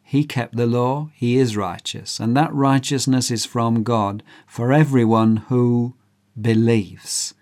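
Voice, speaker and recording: Male preacher, earnest and emphatic, unhurried delivery, middle pitch. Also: fairly even intonation, a little mellow. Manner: earnest, emphatic, acts out characters' voices. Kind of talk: sermon with a dramatized story.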